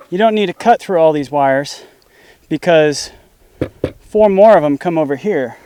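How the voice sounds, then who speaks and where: A DIY homesteading vlogger narrates his outdoor work in an orchard, a casual how-to where he thinks aloud and chats with his dog. His fairly high voice is animated, mellow and a little slow. Faint hiss or hum runs under the audio.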